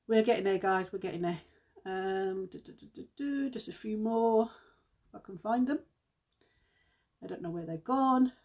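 Chatty British woman with a gravelly voice. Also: lowish voice, darkish tone. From United Kingdom. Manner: chatty, addresses viewers as guys, hums to herself. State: slightly out of breath. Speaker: beauty seller livestreaming. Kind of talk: casual live-stream chat.

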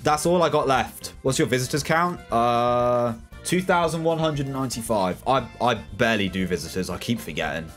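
A young British man talks to his viewers in a loose, rambling way as he plays, often restarting his sentences. His voice sits in an ordinary middle pitch. Soft music plays faintly behind him. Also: expressive, normal speed, few pauses. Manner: laid-back, rambling with frequent restarts and fillers. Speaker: gaming streamer. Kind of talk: casual livestream chat, reading chat aloud.

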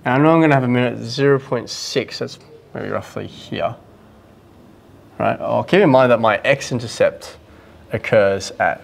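A man's voice: mid-range voice, moderate pace, creaky. A man teaching a maths lesson in a casual talk-through, thinking aloud and often checking with "right?". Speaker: math teacher.

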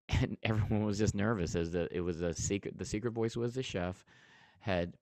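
A man's voice: fairly low pitch, normal speed, darkish tone, no echo. A man giving a casual interview as a comedian and TV host, telling an earnest story and often restarting his sentences.

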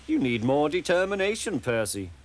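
A man's voice: fairly high pitch, big pitch swings, moderate pace, voice pushed up. A man voicing a smug, boastful big male engine in a children's cartoon, teasing and chuckling. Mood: gloating.

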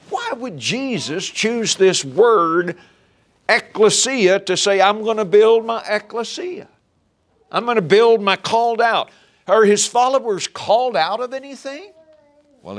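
A man's voice: a little high, a bit bright. A man preaching a sermon, quoting and explaining Scripture verses.

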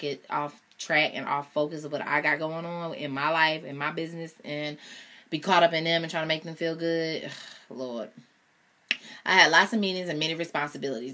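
Woman reader, low voice, novel read aloud, chatty asides. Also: a bit bright.

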